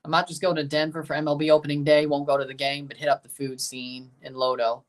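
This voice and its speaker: A man's voice: a little high, little pitch movement, fast. A man hosting a live reaction stream of a match, chatting casually with his viewers. He reads their comments aloud and answers them in an easy, conversational tone.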